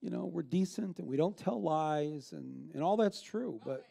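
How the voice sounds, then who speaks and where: A man's voice: a little high, expressive, moderate pace, gravelly, warm tone. A man speaking as a filmmaker guest in an onstage conversation before an audience, blunt and emphatic, with frequent restarts. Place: live event with an audience.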